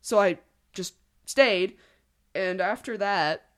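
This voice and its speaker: Young woman, casual chat, animated storytelling, quotes voices, middle pitch. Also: slow. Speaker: daughter of the host. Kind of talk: casual family podcast chat.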